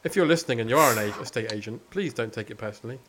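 A man's voice: mid-range voice, expressive, rapid-fire, a bit bright, slight background noise. A man hosting a comedy podcast in casual chat, dry and joking, closing out the episode. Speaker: podcast host.

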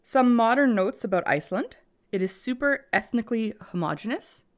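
A woman co-hosting a podcast, dry and teasing in banter, then reading her research in a steady flow. Her pitch moves around expressively. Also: a little fast. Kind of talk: casual chat, reading research notes.

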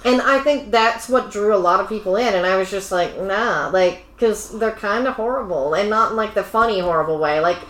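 A woman's voice: medium pitch, a little fast, few pauses. A woman co-hosting a podcast in casual chat, blunt and opinionated, with many fillers. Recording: echoey room.

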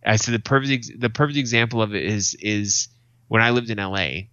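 A man co-hosting a podcast, telling stories in a casual, profane, animated way. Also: lowish voice, brisk, smooth, no room sound, dull audio. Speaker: podcast co-host. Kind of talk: casual chat.

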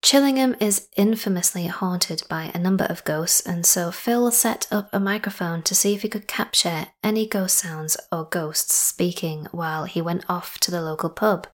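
A woman's voice: lowish voice, moderate pace, hardly any pauses. Chatty woman hosting a podcast. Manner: chatty, enthusiastic, slipping into soft whispers. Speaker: podcast host. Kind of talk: casual podcast narration.

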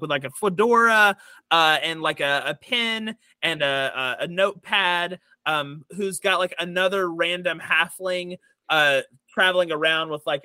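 A man's voice: on the high side, pushed and bright, dry recording, clean studio sound. A man narrating as dungeon master of a tabletop game, casual and full of fillers.

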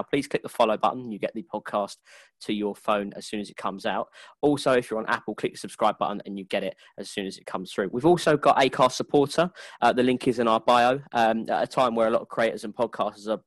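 A man hosting a podcast, moving quickly through announcements and friendly banter. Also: on the low side, dry recording. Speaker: podcast host. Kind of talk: casual podcast chat and announcements.

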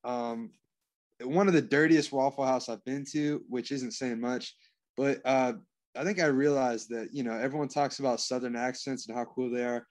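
A man's voice: mid-range voice, steady tone, moderate pace, a little mellow. A man co-hosting a podcast, talking bluntly in casual banter with plenty of swearing. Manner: blunt, profane, defensive banter. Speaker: podcast co-host. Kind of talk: casual chat.

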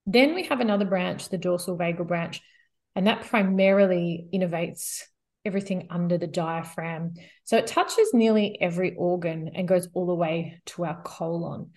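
A woman guest expert in an interview, explaining calmly and steadily with frequent "you know" fillers. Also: on the low side, moderate pace.

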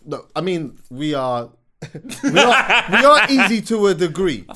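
A man's voice: high-pitched, sing-song, unhurried, sharp tone. A man co-hosting a podcast, explaining his point in chatty casual talk with frequent agreeing interjections. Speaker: podcast co-host.

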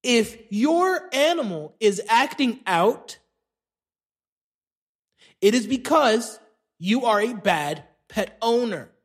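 A man with a very high voice hosts a solo comedy podcast. He rants with heavy profanity and indignation. His delivery is slow and drawn out. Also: very animated, breathy edge. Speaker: podcast host.

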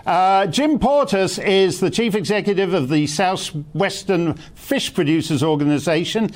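Sardonic high-voiced man presenting the news. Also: moderate pace. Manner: sardonic, wry and theatrical. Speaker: guest presenter of a TV news talk show. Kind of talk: opinionated news commentary.

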